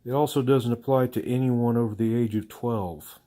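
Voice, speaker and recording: A man's voice: mid-range voice, steady tone, normal speed, mellow. A man from the American South, a comedian telling a rambling, profane, self-mocking story to camera with lots of filler. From Southern United States. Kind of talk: rambling casual monologue.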